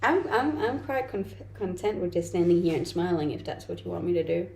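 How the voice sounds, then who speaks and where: Young woman, from Denmark, mixed Danish-tinged English accent, casual livestream chat, gravelly fry, roomy echo. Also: on the low side, expressive, fairly quick, darkish tone. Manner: chatty, reads chat aloud and answers with light laughs. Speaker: streamer and content creator.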